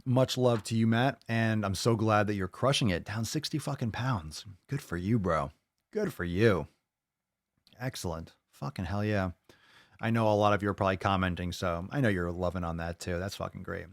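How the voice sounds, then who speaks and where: A man hosting a solo podcast in a fairly low voice, talking bluntly with plenty of profanity. He reads listener messages aloud and reacts to them with open skepticism. The sound is dry and close, with no room echo. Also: moderate pace. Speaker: podcast host. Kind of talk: casual solo podcast monologue.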